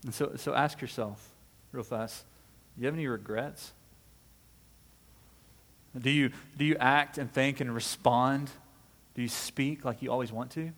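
A man's voice: medium pitch, steady tone, a little slow, long pauses, a bit bright. Man preaching in a reverberant hall. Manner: conversational preaching, rhetorical questions, frequent "right?". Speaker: pastor. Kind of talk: sermon.

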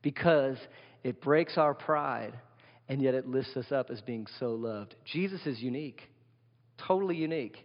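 A man's voice: mid-range voice, normal speed. A male pastor delivering a sermon in a conversational style, often putting questions to the congregation, recorded in a church. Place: church sanctuary. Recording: long hall reverb, dull lo-fi sound.

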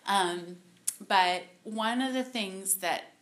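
Woman sharing a testimony at a ministry gathering; slow, halting delivery, bright tone, gets emotional. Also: mid-range voice. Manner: halting, many ums, softly emotional. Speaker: speaker at a women's ministry talk. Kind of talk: personal testimony talk.

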